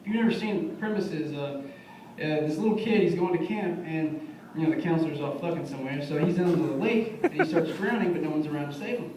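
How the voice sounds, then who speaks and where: A man's voice: fairly high pitch, expressive, fast, noisy background. A young man doing a stand-up comedy set, telling stories in a loose, conversational way and acting out his friends' lines. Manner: conversational storytelling, acts out friends' quotes. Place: bar music venue. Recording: echoey, distant room mic. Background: audience laughter.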